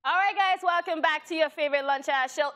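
A young woman with a Nigerian accent co-hosting a talk show, teasing and lively. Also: high-pitched, a little fast, faint music behind. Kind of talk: casual chat.

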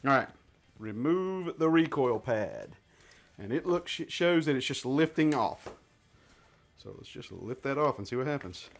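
A man's voice: medium pitch, expressive, a little slow. A man reviewing gear in a casual hands-on demonstration, chatting and thinking aloud as he handles each part.

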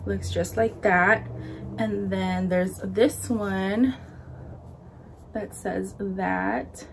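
A woman's voice: mid-range voice, steady tone, drawn-out words, slight background noise. A young woman chatting casually through a baby clothes haul, filling her talk with "like" and "um" and sounding a bit out of breath. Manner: chatty, lots of "like" and "um", shows items to camera. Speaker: vlogger. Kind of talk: casual haul video chat.

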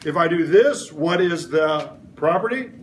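A middle-aged man leads a classroom science lesson, firing playful questions at the class and waiting for them to answer back. His voice sits high for a man. Steady classroom noise hums behind him. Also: measured pace, roomy sound, distant mic. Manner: call-and-response questioning, playful. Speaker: science teacher. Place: elementary school classroom.

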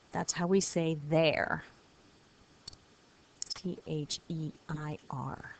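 A woman French teacher giving a recorded video lesson, patient and encouraging, repeating words slowly for her students. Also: low-pitched, fairly even intonation, gravelly, lo-fi sound, slight background noise.

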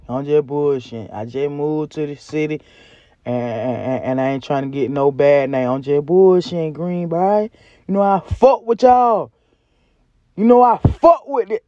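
Man vlogger, high voice, slangy cursing rant, lo-fi dry audio. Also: unhurried, mellow, no echo. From Southern United States. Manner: loose, profane, rambling street slang. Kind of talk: casual food review vlog. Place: outdoors by a back door.

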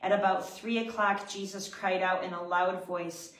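A woman leading prayer, reading scripture aloud in a measured, reverent way. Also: medium pitch, steady tone, fairly bright tone. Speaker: prayer leader. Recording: roomy, distant from the mic.

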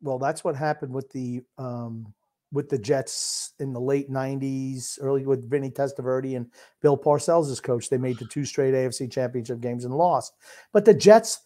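A man's voice: mid-range voice, lively intonation, normal speed, warm tone. An older man co-hosting a casual sports podcast, blunt and opinionated. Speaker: podcast co-host.

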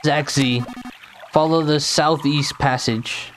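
A man's voice: a little high, steady tone, slow pace, noisy background. A man reading as a bossy old cave guide. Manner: plain reading of game dialogue. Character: talkative older man guiding through a cave.

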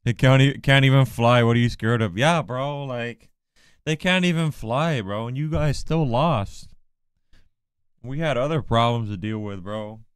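Joking male streamer with a smooth, resonant voice and a dry, close sound. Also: medium pitch, measured pace, dry recording. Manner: joking, teasing banter. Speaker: livestreamer. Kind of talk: casual livestream chat.

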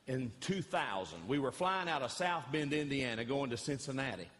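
A man, a comedian and pastor who tells animated, folksy stories and repeats phrases for effect. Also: medium pitch, slight background noise. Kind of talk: stand-up comedy storytelling. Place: large church hall before an audience. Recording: reverberant hall, live audience.

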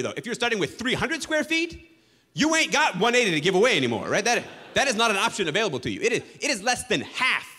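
A man's voice: high-pitched, pushed and bright, in a large hall. A man doing a stand-up comedy set on a club stage, ranting with exasperated sarcasm.

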